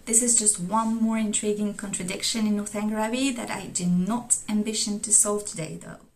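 A woman's voice: mid-range voice, steady tone, moderate pace, darkish tone. A young woman with English as a second language presenting a scripted talk on literature, earnest and explanatory. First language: not English.

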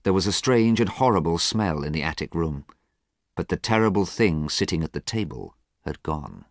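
A man narrating a storybook in a careful, measured way for learners. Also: deep voice, very animated, dry recording, clean studio sound. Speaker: audiobook narrator.

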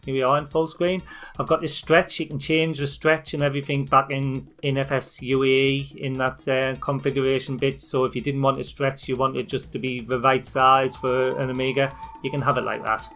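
A man from northeast England with a broad northeast English accent, talking through a software tutorial for his channel in a chatty, informal way. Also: medium pitch, flat delivery, moderate pace, soft background music. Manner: chatty and informal, with fillers and restarts. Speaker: YouTube channel host. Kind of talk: screen-recorded tutorial walkthrough.

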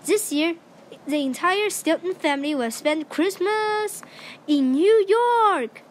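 A woman's voice: high-pitched, expressive, moderate pace. A woman voicing a bossy, impatient old male mouse grandfather who thunders and scolds in a storybook reading. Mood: boastful.

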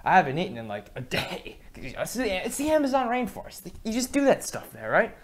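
A man's voice: fairly high pitch, a little fast. Rambling, slangy young man. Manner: rambling storyteller, slangy and excitable. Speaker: comedy sketch performer. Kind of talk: comedy sketch acting.

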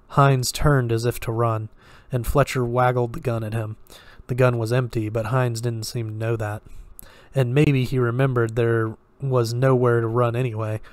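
A man reading a horror story aloud in a measured, steady way, with occasional slips. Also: mid-range voice, dry recording. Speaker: story reader.

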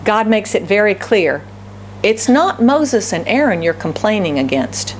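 A woman's voice: mid-range voice, sing-song, unhurried, slight background noise. A woman pastor giving a conversational sermon, often asking the congregation questions. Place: church service.

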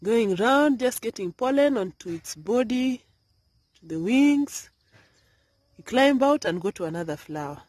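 A woman filming her vegetable garden outdoors, talking softly in a half-whisper as she narrates. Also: fairly high pitch, expressive, a little slow, no room sound. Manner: soft, half-whispered, coaxing. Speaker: gardening vlogger.

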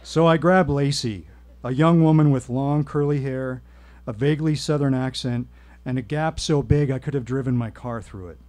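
Guy telling a wry funny story on stage, mellow low-key voice. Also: moderate pace. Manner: wry, deadpan humor. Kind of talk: personal storytelling at a live reading. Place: stage at a live show.

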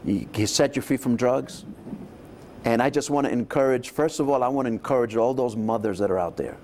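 A man's voice: medium pitch, fairly quick, darkish tone, a little hiss or hum. Ask for a male pastor preaching encouragement. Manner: affirming, preacherly exhortation. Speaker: pastor host. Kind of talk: religious interview.

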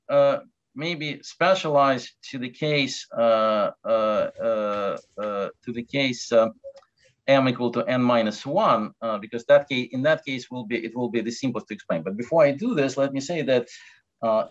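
Halting low-voiced man giving a lecture. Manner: halting, many fillers and restarts. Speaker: mathematics lecturer. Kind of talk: academic lecture. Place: lecture hall. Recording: dull lo-fi lecture recording.

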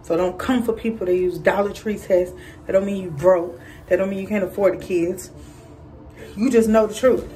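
A woman, chatting casually to camera in a vlog, a bit out of breath, with lots of fillers and animated quoted voices. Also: mid-range voice, normal speed, far from the mic, low-quality recording. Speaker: vlogger. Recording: voice a little off-mic, faint music.

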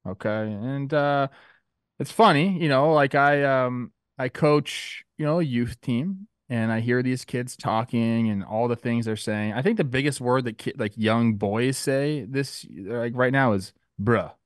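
A man's voice: medium pitch, unhurried, no room sound. Chatty man on a dry studio mic. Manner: rambling storyteller, loose and chatty. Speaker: podcast co-host and youth baseball coach. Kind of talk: casual sports podcast chat.

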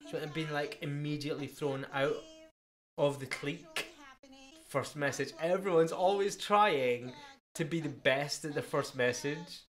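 A quippy British host talks through a reality show in a loose, excitable reaction commentary. The voice sits at a middling pitch and moves at an easy pace, full of quick asides and little laughs. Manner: chatty, quippy, excitable, laughs at own jokes.

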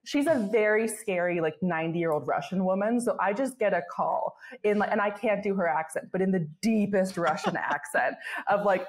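A young woman in her twenties, a podcast guest telling stories in casual chat, filler-heavy and laughing often. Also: medium pitch. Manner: fast storytelling with many fillers and laughs. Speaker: guest, travel blogger.

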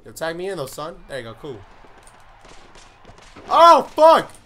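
A young man giving live gameplay commentary, cursing and breaking into loud, frustrated outbursts. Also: a little high, animated, quick pace. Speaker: gaming commentator.

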